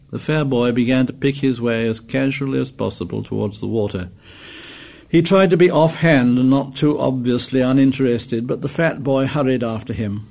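Gravelly male audiobook narrator. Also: mid-range voice, normal speed, darkish tone.

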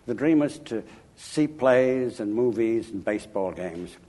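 An older man from Chicago, an author interviewed about his life, telling anecdotes in an emphatic, animated way. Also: medium pitch, unhurried. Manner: animated, emphatic, chuckling raconteur. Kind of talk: anecdotal storytelling.

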